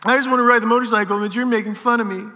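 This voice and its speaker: A man's voice: very high voice, steady tone, very slow, pushed and bright, voice pushed up, heavily acted. A sulky, pleading little boy, put on by a man with a voice pushed well above his own. It rings with a long hall echo, and the boy sounds near tears and wronged. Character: whiny young boy who wants to ride.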